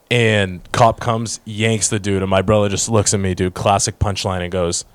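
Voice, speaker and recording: A man co-hosting a podcast, telling stories in a slangy, animated way and acting out quotes. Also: lowish voice, a little slow, smooth, no echo. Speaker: podcast co-host. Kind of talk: casual chat, storytelling.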